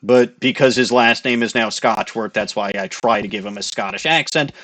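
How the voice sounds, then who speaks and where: A man's voice: fairly low pitch, moderate pace, pushed and bright. A man hosting a game playthrough, chatting casually with self-deprecating asides. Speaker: let's-play host.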